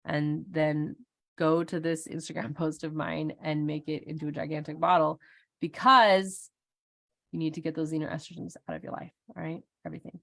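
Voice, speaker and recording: A woman's voice: low voice, flat delivery, normal speed, gravelly, a bit bright. A middle-aged woman hosting an online workshop in a casual, chatty way, laughing often and using lots of fillers. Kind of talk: casual live presentation.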